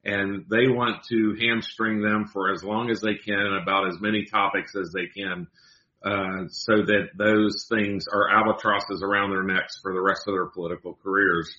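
A bright-toned man speaks as a guest commentator on a political talk show. He talks in a measured, deliberate way and sometimes restarts words. The sound is roomy and slightly lo-fi. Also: on the low side, level tone.

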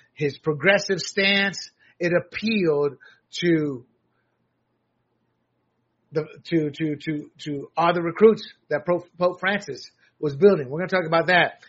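A man's voice: fairly high pitch, fairly bright tone, husky, lo-fi sound. An American man giving blunt, sarcastic solo commentary, often restarting his sentences. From United States.

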